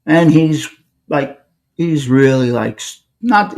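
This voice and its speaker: Brief: gravelly New man, podcast host, spins a story and acts out every line of talk. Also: fairly high pitch, slow. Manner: animated storyteller acting out quoted dialogue. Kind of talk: casual storytelling.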